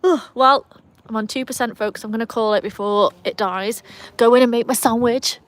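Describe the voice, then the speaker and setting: A woman's voice: fairly high pitch, normal speed. Chatty British woman on a phone live. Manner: chatty, self-mocking, reads viewer comments aloud. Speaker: live-stream host. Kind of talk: casual live-stream chat. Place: outdoors in cold weather with her dogs.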